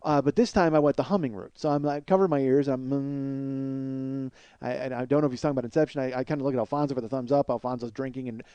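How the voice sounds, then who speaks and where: Rapid-fire rambling comic man. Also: medium pitch, fairly even intonation, warm tone, smooth, no echo, dull audio. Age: middle-aged. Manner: rambling, profane, self-mocking. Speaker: podcast host. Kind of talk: comedic storytelling monologue.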